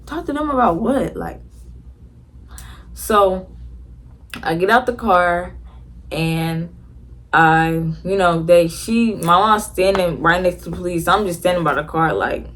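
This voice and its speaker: A woman's voice: fairly low pitch, a little slow, long pauses, fairly bright tone. A teenage girl telling a story to her viewers in a casual, slangy way, with many fillers and restarts. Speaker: vlogger.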